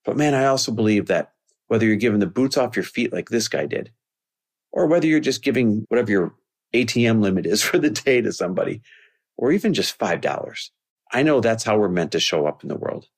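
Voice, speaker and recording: A man hosting a podcast, telling a personal story in an earnest monologue that rises to an impassioned pitch when he makes his point. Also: animated, fairly quick, breathy edge. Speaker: podcast host.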